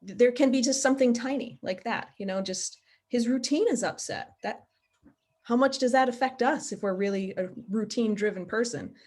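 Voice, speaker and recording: A woman's voice: a little high, normal speed, a little mellow. A woman, an animal behaviour expert, talking earnestly and practically in a casual interview over a video call. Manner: earnest, practical, explains with everyday examples.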